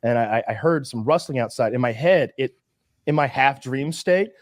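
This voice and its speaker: A man's voice: medium pitch, moderate pace, no room sound, studio quality. A man hosting a podcast, telling long, rambling stories in casual chat and swearing freely. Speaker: podcast host.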